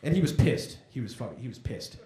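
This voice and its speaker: Animated stand-up comic man in an echoey club. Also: mid-range voice, fast talker. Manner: conversational, self-deprecating, acts out voices in quotes. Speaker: stand-up comedian. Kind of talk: stand-up comedy set. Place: comedy club stage. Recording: echoey comedy club room.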